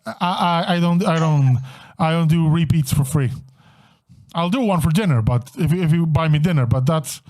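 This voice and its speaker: Brief: man playing a smug, teasing flirt in a tabletop game, higher voice. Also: moderate pace, a little mellow, no room sound, close to an everyday voice.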